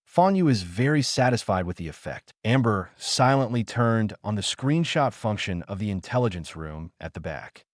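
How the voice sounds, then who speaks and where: A man's voice: on the low side, very animated, normal speed, hardly any pauses, no echo, studio quality. A man narrating an audiobook novel, reading every character in the same voice. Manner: reads all characters in one voice with few changes. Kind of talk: scripted narration.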